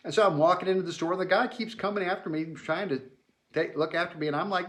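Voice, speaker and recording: A man's voice: high voice, quick pace, a bit bright. A man from Georgia in the US South telling his childhood memories in a plainspoken, reflective way with homey asides. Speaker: memoir storyteller. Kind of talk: spoken personal memoir.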